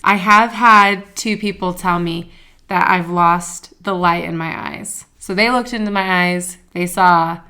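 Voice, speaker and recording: A woman vlogger speaking earnestly and emotionally in a quiet, thoughtful personal reflection. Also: on the low side.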